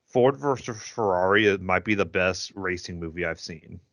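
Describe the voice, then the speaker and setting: Low bright-voiced guy cracking jokes on a podcast, dry close sound. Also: moderate pace, no room sound. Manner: joking, teasing interjections. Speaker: podcast co-host. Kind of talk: casual chat.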